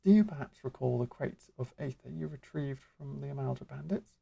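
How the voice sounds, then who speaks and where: Lady doing a pompous old-style mage mentor, slow and grand, gravelly dark voice, kinda husky. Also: a bass voice, heavily acted. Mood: grandiose. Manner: florid, archaic, lecturing delivery. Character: grandly theatrical magic guild master mentor.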